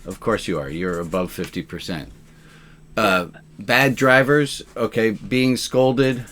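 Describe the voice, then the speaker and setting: A rabbi guiding a community gathering, his voice sitting fairly low. He runs the group with a dry, wry touch, calling on people and steering the talk. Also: steady tone, slow, a bit bright. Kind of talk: leading a group discussion.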